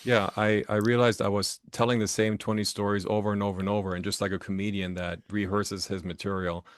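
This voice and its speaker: A man with a fairly low voice being interviewed about his writing. He tells stories animatedly, restarting phrases often and acting out what people said. The sound is dry and close to the mic. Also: fairly quick, clean tone, dry recording. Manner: animated storyteller who acts out quotes with many restarts. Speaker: author guest. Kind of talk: casual storytelling interview. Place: Las Vegas.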